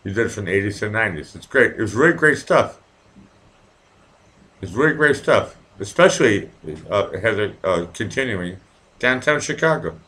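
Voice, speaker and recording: Here a live stream host from near Boston, Massachusetts, a man in his 40s, interacts with viewers and their comments in a profane, rambling rant. He has a lowish, expressive voice at a moderate pace, swinging from mumbling to loud outbursts.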